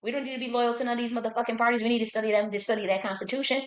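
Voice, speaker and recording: A woman's voice: on the high side, steady tone, rapid-fire, roomy sound. A woman hosting a livestream, speaking bluntly and heatedly with lots of profanity and repeated words. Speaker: livestream host. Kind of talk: profane political commentary livestream.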